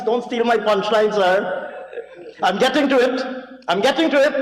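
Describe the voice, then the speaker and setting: A man's voice: very high-pitched, normal speed, a little hiss or hum. A man giving a parliamentary budget debate speech, mocking and theatrical, repeating phrases for emphasis. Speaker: member of parliament. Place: large parliament chamber. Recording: echoey chamber with long reverb.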